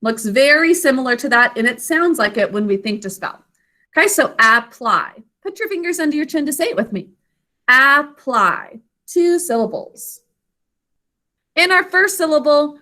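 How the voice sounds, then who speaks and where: A woman teaching an online spelling and grammar lesson over a video call, slow, clear and encouraging as she sounds out words. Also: high-pitched, bright, forceful tone.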